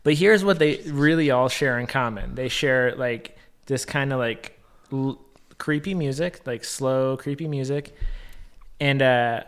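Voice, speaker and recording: A man's voice: mid-range voice, unhurried, smooth. A man co-hosting a podcast, chatting casually and joking with frequent laughter. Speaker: podcast co-host. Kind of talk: casual chat.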